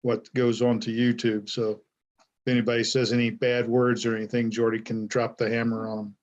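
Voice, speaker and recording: A man's voice: mid-range voice, level tone, moderate pace, dull audio. Chatty man hosting a podcast. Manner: chatty, laughs at his own remarks. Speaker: podcast host. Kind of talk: podcast interview.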